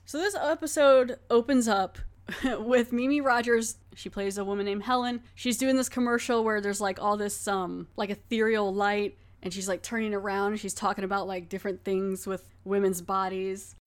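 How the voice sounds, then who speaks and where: A woman hosting a podcast, talking through an episode in a loose, chatty way with lots of "like" and "um". Her pitch sits in a middle range. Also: steady tone, normal speed. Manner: chatty, laughing, many fillers. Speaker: podcast host. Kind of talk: casual episode recap.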